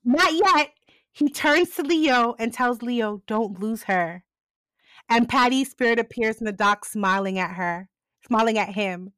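A woman's voice: fairly high pitch, unhurried, fairly bright tone, no room sound. A woman casually recapping a TV episode, acting out the characters' lines with lots of laughter. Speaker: podcast co-host recapping a TV episode.

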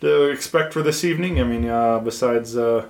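A man hosts a podcast and asks his guests a question in a plain, mid-pitched voice. He feels his way through it with pauses and fillers. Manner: hesitant, lots of "uh". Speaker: podcast host. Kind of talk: interview questions.

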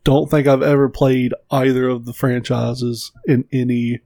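A man's voice: medium pitch, little pitch movement, measured pace, vocal fry, warm tone, no echo. A man co-hosting a podcast in casual chat, blunt and emphatic, swearing freely. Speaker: podcast co-host.

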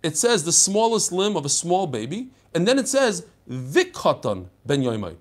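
A man's voice: fairly high pitch, big pitch swings, moderate pace. An older man teaching a daily Talmud class, chatty and digressive, mixing Hebrew and Yiddish terms into his talk. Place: study hall.

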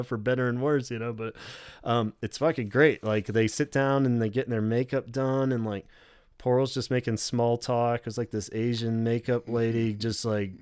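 A man's voice: mid-range voice, darkish tone, smooth, no room sound, studio quality. A man co-hosting a podcast in casual chat, rambling and swearing, with lots of filler "like". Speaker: podcast co-host.

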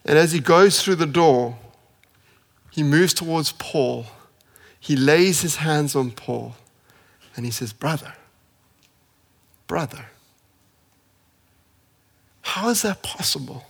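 Impassioned male preacher in reverberant hall. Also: fairly high pitch. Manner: impassioned, rising to emphatic peaks then dropping soft. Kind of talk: sermon.

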